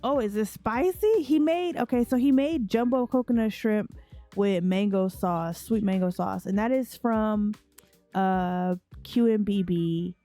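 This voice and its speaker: Woman, unhurried let's play chatter, mellow tone, faint music behind. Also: medium pitch. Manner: chatty, talks to her characters. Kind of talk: casual gameplay commentary.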